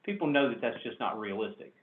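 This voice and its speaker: A man running a sales training class, animated and coaching, acting out customer exchanges over a video call. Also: mid-range voice, fast talker. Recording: echoey, tinny call audio.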